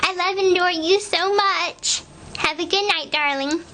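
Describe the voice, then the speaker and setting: A woman talks into her own video message from home. Her voice sits high and her pace is slow and gentle. She sounds affectionate and a little nervous, with faint background noise. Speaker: person recording video messages to a partner. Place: home, indoors.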